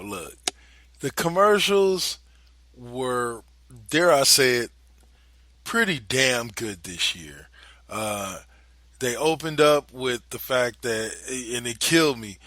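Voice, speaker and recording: A man's voice: medium pitch, sharp tone, no echo. A man hosting a podcast, giving casual, profane commentary with laughing asides. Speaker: podcast host.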